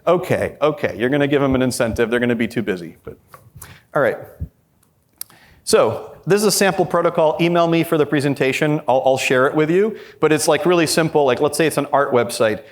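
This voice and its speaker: Male conference presenter with a fairly high voice, speaking candidly and bluntly to a live audience. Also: brisk. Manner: acts out quoted dialogue with shifting pitch.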